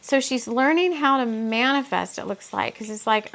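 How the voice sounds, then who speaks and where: A woman does a casual intuitive reading, reading from her own book and wandering off into asides as she thinks aloud. Her voice sits a little high with a noticeable gravelly fry. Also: moderate pace, hardly any pauses, a bit bright. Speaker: intuitive reader and author.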